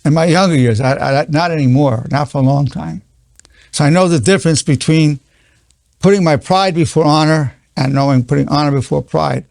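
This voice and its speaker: A man's voice: on the high side, moderate pace, creaky, a little mellow, no room sound, studio quality. A man in his eighties, a psychologist giving an earnest spoken lesson, repeating key phrases with stammering restarts. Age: 80s.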